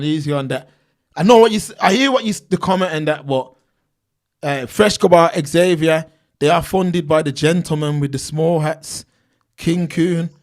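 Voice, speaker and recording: A man's voice: a little high, darkish tone. A man, hosting a casual livestream and reading viewers' names and comments aloud in street slang. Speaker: livestream host reading chat.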